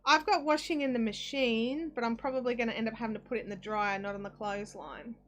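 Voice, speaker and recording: Australian woman, live craft stream host, casual rambling chat at a home desk mic, voice pitched a touch high. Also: fast. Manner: chatty and rambling, with frequent ums and self-corrections. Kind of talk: casual chat, reading viewer comments aloud.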